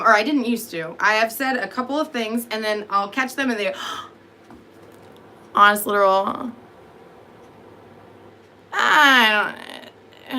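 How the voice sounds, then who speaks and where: Sleepy, rambling woman with a bright voice. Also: mid-range voice, a little hiss or hum. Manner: rambling, profane, self-deprecating, answering chat. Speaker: vlogger talking to live chat. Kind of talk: rambling live-stream chat.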